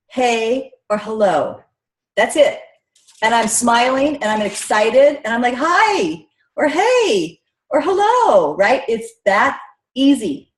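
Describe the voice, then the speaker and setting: A woman coaching network marketers in an upbeat, chatty teaching talk, calling her listeners guys. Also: mid-range voice. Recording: echoey room.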